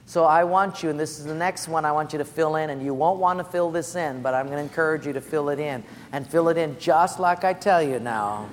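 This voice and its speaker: A man's voice: fairly high pitch, fairly quick, few pauses, big-room sound, slight background noise. A male pastor preaching a sermon, talking emphatically and directly instructing his congregation.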